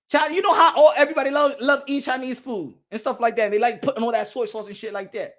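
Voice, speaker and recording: A man's voice: very high-pitched, steady tone, fast talker, hardly any pauses, a bit bright. A man hosting a boxing channel, talking in a casual, rambling way, laughing often and dropping slang and Spanish phrases.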